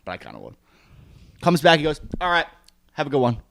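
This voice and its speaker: A young man chats on a podcast and tells stories, acting out the people in them. His voice runs a little high and swings up and down a lot. The sound is dry and close. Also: fast, gravelly, no room sound. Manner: animated storyteller, acts out quotes. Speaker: podcast co-host. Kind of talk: casual chat.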